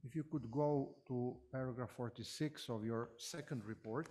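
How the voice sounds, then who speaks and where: Measured male counsel questioning. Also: mid-range voice, darkish tone. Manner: measured, deliberate, with hesitant restarts. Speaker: counsel cross-examining a witness. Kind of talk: formal legal questioning.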